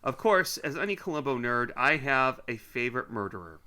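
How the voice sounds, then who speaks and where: A man's voice: medium pitch, big pitch swings, fairly quick, sharp tone. A man co-hosting a podcast, chatting casually and teasingly as he reads listener mail aloud with asides. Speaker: podcast co-host.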